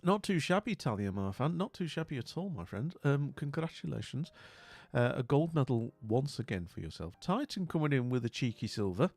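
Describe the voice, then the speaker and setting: A man's voice: mid-range voice, big pitch swings, brisk, a little mellow, dry recording, faint music behind. A man hosting a live stream, chatting casually and rambling with lots of fillers.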